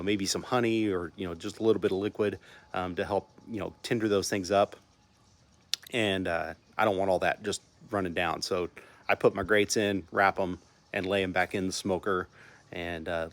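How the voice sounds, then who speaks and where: A middle-aged man from Texas hosting a casual barbecue vlog from home, rambling and restarting his sentences often. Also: low-pitched. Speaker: channel host.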